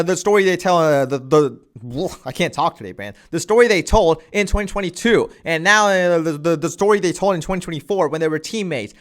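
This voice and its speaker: Ranting young man, exasperated, higher voice. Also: fairly bright tone. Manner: exasperated, ranting, fillers like "you know" and "man". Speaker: wrestling reviewer. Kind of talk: casual opinionated review.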